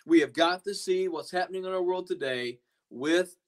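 Earnest preaching man, slightly high voice. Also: normal speed. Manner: earnest, rambling with frequent restarts. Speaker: pastor. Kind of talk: podcast sermon talk.

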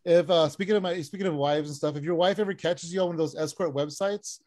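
Guy with a pretty high voice doing deadpan standup jokes on a video call, lots of uh's. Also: quick pace. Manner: deadpan one-liners with frequent uh fillers. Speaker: stand-up comic.

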